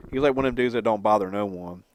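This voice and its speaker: A young male livestreamer answers chat in a rapid-fire, lowish voice, rambling, stammering, swearing freely, and laughing at his own jokes. The recording is dry.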